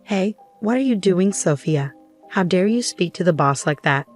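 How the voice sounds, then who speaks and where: A woman's voice: on the low side, expressive, moderate pace, darkish tone, faint music behind. A woman voicing a stern, loyal young male employee who scolds firmly. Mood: angry. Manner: firm, scolding.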